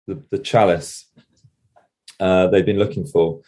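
A man in casual conversation, often pausing and searching for words. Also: low voice, fairly even intonation, dark tone. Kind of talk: casual chat.

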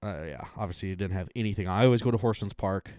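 A man's voice: low voice, very fast, darkish tone, no room sound, clean studio sound. A man co-hosting a casual podcast, rambling and laughing often and trailing off mid-sentence. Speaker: podcast co-host. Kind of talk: casual chat.

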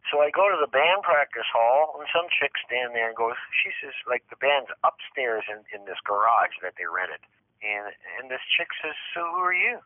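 A man, a guest musician, telling long rambling stories in an interview, animated and repeating himself. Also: mid-range voice, moderate pace, no room sound. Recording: tinny phone line, dry.

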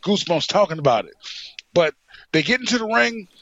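Excited wrestler guest, bright tense voice. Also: male voice, high voice, a little fast, no room sound, dull audio. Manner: excited, repeats "you know what I'm saying". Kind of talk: animated storytelling in a podcast interview.

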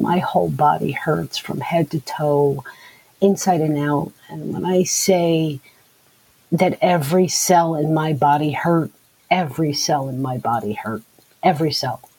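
A woman giving an earnest personal account as an interview guest. She talks haltingly and often repeats her words. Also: low voice, a little mellow, slightly rough, poor audio. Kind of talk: personal testimony in conversation.

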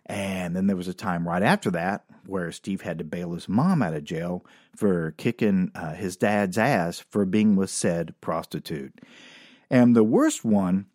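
A middle-aged man tells a comic story from his youth in a rather low voice. He talks loosely, with plenty of "uh"s and "you know"s, and drops dry, wry asides. The sound is close and dead, with no room echo at all. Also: a little slow, a little mellow. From Oklahoma. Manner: wry, dry asides, casual with many fillers. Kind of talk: comedic personal storytelling.

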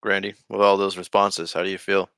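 A man's voice: low-pitched, little pitch movement, fairly quick, a bit bright, smooth, no room sound. A man hosting a casual hockey podcast, playful and joking with his co-hosts. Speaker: podcast host. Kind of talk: casual sports podcast chat.

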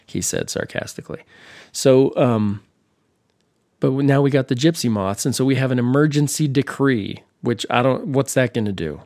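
A man's voice: medium pitch, darkish tone, no room sound, clean studio sound. A man hosting a podcast, talking in a loose, rambling monologue with a wry, sarcastic humor and lots of restarts. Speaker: podcast host.

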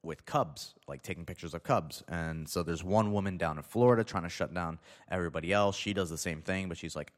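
Low-voiced guy telling a rambling story. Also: fairly quick, few pauses. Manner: rambling, profane, self-interrupting. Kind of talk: casual comedic anecdote. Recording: long reverb.

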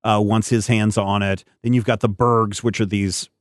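A man's voice: on the low side, little pitch movement, moderate pace, no room sound, clean studio sound. A man hosting a podcast in casual talk, rambling and thinking aloud with many fillers. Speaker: podcast host.

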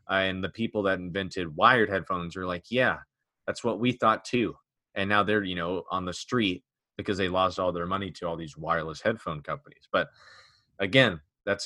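Bright-voiced joking podcast host man. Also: lowish voice, no echo, studio quality. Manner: joking, rambling, with restarts. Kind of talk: casual chat.

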